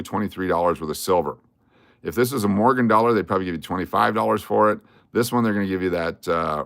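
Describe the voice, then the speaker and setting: A man with a low, deep voice hosts a casual livestream and talks in a loose, rambling way. He reads out viewer names and song requests. The sound is dry and close, with no room echo. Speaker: livestream host.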